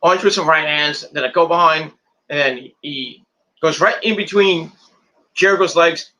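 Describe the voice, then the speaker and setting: A man's voice: a little high, moderate pace, bright, forceful tone, slight background noise. A man casually recapping a wrestling match move by move, rambling and repeating words as he goes. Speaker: wrestling show reviewer.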